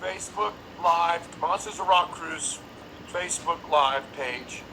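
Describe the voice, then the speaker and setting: A man guesting on a casual live stream over a phone. He is friendly and brisk and wraps up with quick goodbyes. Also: a little high, background noise. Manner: friendly, brisk sign-offs. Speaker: band member guest.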